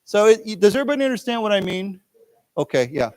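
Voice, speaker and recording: A man's voice: high voice, sing-song, fast, a little mellow, dry recording. A man teaching an English lesson, explaining words with everyday examples and often checking in with "okay?" and "right?". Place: library lecture room.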